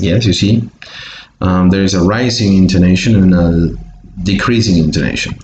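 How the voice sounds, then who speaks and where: A man's voice: sits low, normal speed, a little mellow, muffled recording. A man with a Bolivian Spanish accent, giving an online English lesson and patiently repeating example sentences for pronunciation. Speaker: English teacher. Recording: echoey room, faint background hiss.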